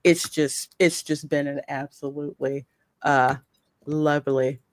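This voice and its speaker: A woman hosting a livestream podcast, bubbly and quick to laugh. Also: low voice, flat delivery, no room sound. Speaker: podcast host. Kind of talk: livestream chat.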